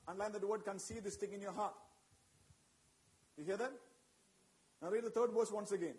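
A man's voice: high voice, brisk, long pauses, darkish tone, low-quality recording. A man preaching a sermon with emphatic, repetitive phrasing and call-and-response asides to his congregation.

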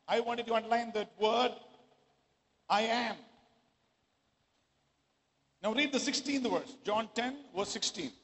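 Man preaching a sermon, really high voice, big echoey church hall, gets shouty. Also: unhurried, pauses often. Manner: rises to shouting exclamations.

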